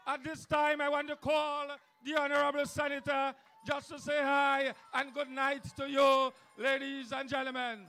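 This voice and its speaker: Male emcee, gravelly, very high, flat delivery, faint music behind. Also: normal speed, hardly any pauses. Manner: formal, announcing. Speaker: rally emcee. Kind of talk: introducing speakers.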